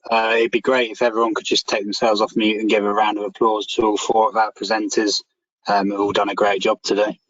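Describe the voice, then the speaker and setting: A man chairing a meeting and thanking presenters over a video call, relaxed and halting with many ums. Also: fairly low pitch, dry recording. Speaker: section chair hosting a meeting. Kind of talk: closing remarks on a video call. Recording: dull lo-fi call audio.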